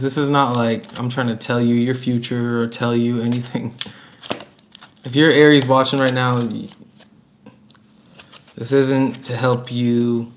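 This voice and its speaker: A man of middling pitch talks straight to his viewers through a tarot spread, casual and emphatic. He circles back over his words and laughs between points, with a faint hiss of noise under his voice. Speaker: tarot reader. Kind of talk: casual tarot reading to camera.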